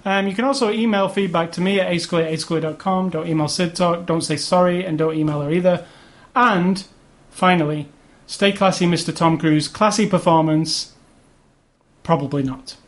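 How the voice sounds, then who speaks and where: A man's voice: high-pitched, normal speed. A man hosting a podcast, making dry teasing asides and reading out the show's sign-off. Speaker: podcast host. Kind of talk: casual chat, show wrap-up.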